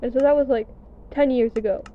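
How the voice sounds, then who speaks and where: A woman's voice: sits high, fairly even intonation, fairly quick, narrow, tinny audio. A young American woman telling a story in a casual, chatty, self-deprecating way, swearing now and then. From United States. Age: young adult. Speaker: gaming vlogger. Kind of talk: casual storytelling over gameplay.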